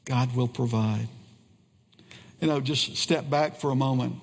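A man preaching a sermon in a slow, earnest way, pausing often and repeating key phrases. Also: mid-range voice, gravelly, breathy edge, in a large hall.

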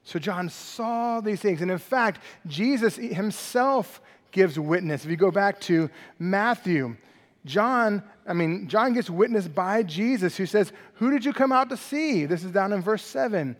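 A male pastor preaching an expository sermon in a conversational, animated way, often checking in with the congregation. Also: high-pitched, measured pace, in a large hall. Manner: conversational, animated preaching with frequent "right?" asides.

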